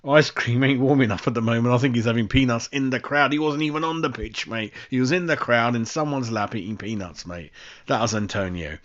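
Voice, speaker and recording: Speaking fairly quickly in a mid-range voice, this West London fan channel host rants and swears on a casual live stream, addressing viewers as "mate." He is young with a London accent, and the audio is muffled.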